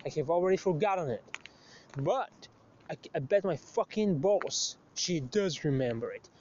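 A man's voice: fairly high pitch, animated, moderate pace, darkish tone, slight background noise. A man telling a story in a casual monologue, crude and profane, rambling with many restarts. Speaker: show host. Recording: slightly muffled lo-fi recording.

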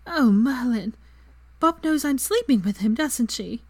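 A woman's voice: sits high, sing-song, a little slow, a little mellow, slightly rough, pitched above the performer's own voice, exaggerated voice. A woman reading aloud and voicing a flustered young witch student with anxious questions.

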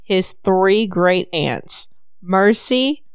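A woman's voice: medium pitch, lively intonation, drawn-out words, clean tone, no echo, clean studio sound. A woman with a Southern accent, hosting a podcast and retelling a story in casual chat. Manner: storytelling, laughs easily. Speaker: podcast host. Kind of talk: casual book recap chat.

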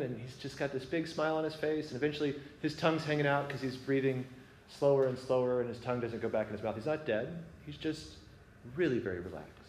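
A man speaks earnestly and conversationally to a gathered group, pausing to check that his listeners follow him. His voice sits at an ordinary pitch for a man. The sound is roomy, with a faint ambient hum underneath. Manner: conversational, asks listeners if it makes sense. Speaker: speaker sharing a reflection. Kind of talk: personal reflection to a gathering. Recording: echoey room with faint ambience.

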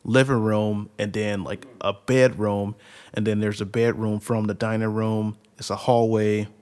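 A man's voice: lowish voice, level tone, unhurried, a little mellow. A man in his twenties from Illinois telling a rambling personal story, full of fillers and laughter. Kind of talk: casual personal anecdote.

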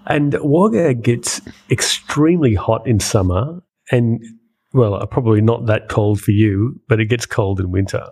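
A man hosting a casual interview, asking relaxed questions. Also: medium pitch, a little slow, husky. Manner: relaxed questions, easy laughs.

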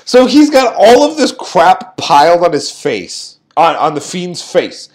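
A man's voice: high voice, big pitch swings, measured pace. A man co-hosting a podcast, recapping events in a sarcastic, incredulous rant. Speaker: podcast co-host. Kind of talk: casual recap commentary.

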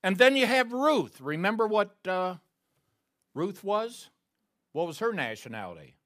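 A man preaching a sermon, telling the story with acted-out quotes and swinging from quiet asides to loud, emphatic peaks. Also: sits high, very animated, a little slow, dry recording, studio quality. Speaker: pastor.

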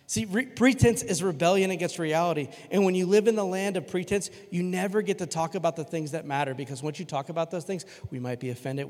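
A man preaching a sermon to his church in a casual, conversational way, switching between loud emphasis and quiet, earnest stretches. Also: on the high side. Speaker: pastor. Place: church sanctuary. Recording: long hall reverb in a church.

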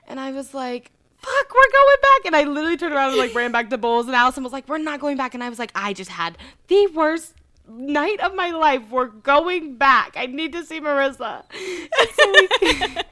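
Bright high-voiced young woman. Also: a little fast. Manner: animated, full of "like" and swearing. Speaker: podcast co-host. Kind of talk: casual storytelling chat.

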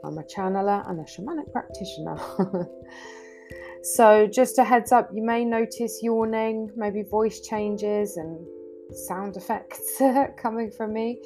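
Gravelly-voiced woman hosting a spiritual podcast. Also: medium pitch, a little slow, faint music behind. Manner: soft, reassuring, with sighs and small laughs. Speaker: podcast host and channeler. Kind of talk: gentle spiritual podcast talk.

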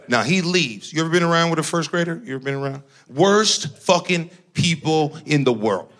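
A man from Northern California doing profane, animated stand-up comedy and laughing at his own lines. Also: fairly high pitch, fairly quick, hardly any pauses.

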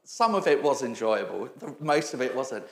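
The sound echoes around a church hall as a man delivers a sermon, telling humorous stories, performing the voices of the people in them, and frequently breaking into laughter. He speaks at a normal speed with a medium-pitched, expressive voice.

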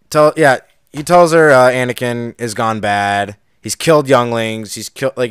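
On a casual podcast, a co-host recaps a film's plot, switching between narration and quick acted-out quotes and laughing often. His medium-pitched voice is smooth and clean, recorded close and dry with no room around it.

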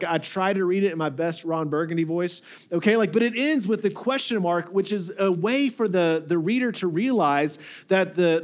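A male lead pastor giving a conversational sermon, often repeating words and putting questions to the congregation. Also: high-pitched.

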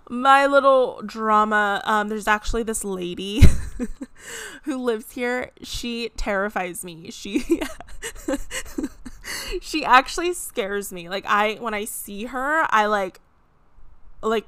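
A young woman talks through a casual solo podcast rant, chatty and animated, with lots of fillers. Her voice sits mid-pitch. The recording is dry, with no room sound. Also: clean tone, no room sound. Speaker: podcast host. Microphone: podcast microphone.

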